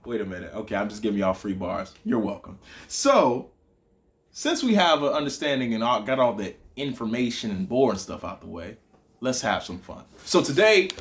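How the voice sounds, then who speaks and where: A young man with a Southern accent, teaching a playful lesson that mixes in rap bars. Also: medium pitch. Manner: lively, playful, chanting lines slowly for emphasis.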